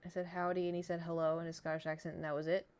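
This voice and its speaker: Chatty woman streamer, lowish voice. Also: little pitch movement, racing, darkish tone, clean tone. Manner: rambling, chatty, talks to chat and pet. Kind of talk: casual gaming stream chat.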